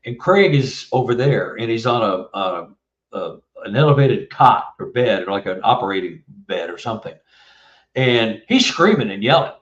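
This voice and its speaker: A man's voice: medium pitch, expressive, moderate pace. A man in his seventies from Texas, telling a long story as an interview guest, rambling and restarting often. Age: 70s. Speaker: guest author. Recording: distant, muffled, roomy mic.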